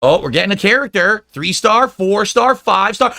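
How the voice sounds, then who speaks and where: A man streams live and chatters at his viewers in a high, bright, sharp voice. The pitch leaps around, and the sound is dry. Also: moderate pace, few pauses, no echo. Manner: excitable, talks to his chat as "you guys". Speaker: video game streamer.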